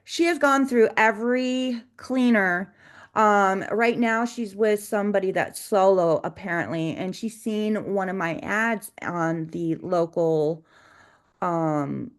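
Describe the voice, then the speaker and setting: A woman co-hosting a casual business podcast, telling work stories in a chatty, meandering way. She restarts her sentences often and keeps a steady, mid-range pitch. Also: slow pace. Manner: chatty storytelling with frequent restarts and laughs. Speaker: cleaning business owner, co-host.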